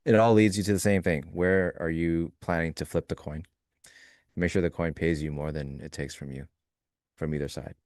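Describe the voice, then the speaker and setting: A man co-hosting a live trading stream, talking in a loose, joking way and thinking out loud in fragments. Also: low voice, fairly even intonation, moderate pace, no room sound, studio quality. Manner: loose, joking, talks through ideas in fragments. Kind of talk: casual live-stream chat.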